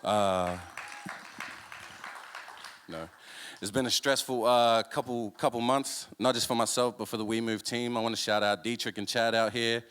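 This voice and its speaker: A man's voice: mid-range voice, steady tone, moderate pace, slight background noise. A man on a live event stage, rapping and talking to the crowd in a casual, thankful way. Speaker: rapper and event organizer. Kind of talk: live stage talk and rap performance. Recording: live venue with loud music. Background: loud hip hop music.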